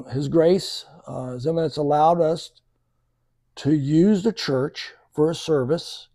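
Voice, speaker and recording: Podcast guest, male, fairly high gravelly voice, lively anecdote-teller, dry close sound. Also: dry recording. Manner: lively storyteller who acts out quoted dialogue. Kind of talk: conversational storytelling.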